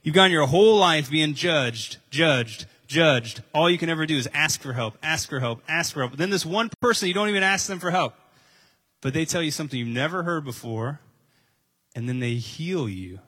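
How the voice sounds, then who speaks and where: A man's voice: a little high, expressive, fairly quick, bright, forceful tone. A man preaching a conversational sermon, reading scripture and asking his listeners questions. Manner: conversational, asks listeners questions, repeats phrases for emphasis. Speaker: pastor.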